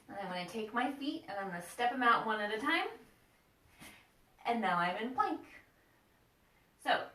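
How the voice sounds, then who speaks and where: A woman's voice: mid-range voice, sharp tone, distant mic. Woman, kids' yoga teacher, playful, encouraging, echoey room, mic set back from her. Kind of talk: guided yoga lesson for children.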